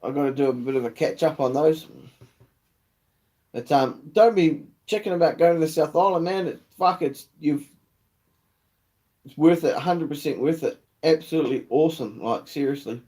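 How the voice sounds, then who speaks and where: A young man with a New Zealand accent chats casually on a livestream. His voice sits a little high, yet its tone is soft and mellow. He swears freely and drops mate and bro into nearly every line. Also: normal speed. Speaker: livestream host. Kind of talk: casual live chat.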